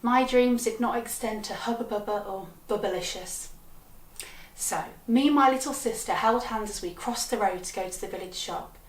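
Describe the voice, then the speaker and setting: A woman's voice: medium pitch, moderate pace. Wry woman telling comic stories, far from the mic. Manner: wry, deadpan comic delivery. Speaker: storyteller. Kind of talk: comic storytelling. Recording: roomy sound from a distant mic.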